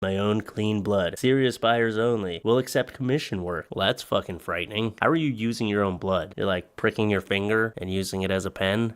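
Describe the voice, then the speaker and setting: A man reading out posts in comedic narration, deadpan and sarcastic. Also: on the low side.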